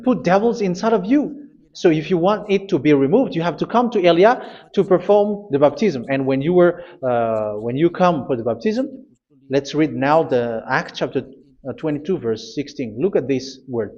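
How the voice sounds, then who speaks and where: Male preacher, high-ish voice, forceful repeated commands, dull lo-fi audio. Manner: emphatic, repetitive commands with hesitations. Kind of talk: sermon.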